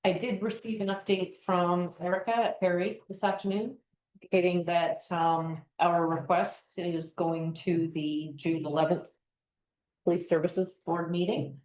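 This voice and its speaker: A woman's voice: on the low side, steady tone, measured pace, a little mellow, a little hiss or hum. A woman on township staff giving brief, matter-of-fact updates at a council meeting. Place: council chamber. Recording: roomy meeting-room sound.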